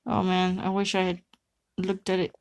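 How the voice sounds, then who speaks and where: A woman chatting casually as she plays a mobile game, excitable and pleading, swearing when the results go wrong. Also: lowish voice, normal speed, gravelly. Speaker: co-host summoning for a viewer. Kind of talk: casual chat while playing a mobile game.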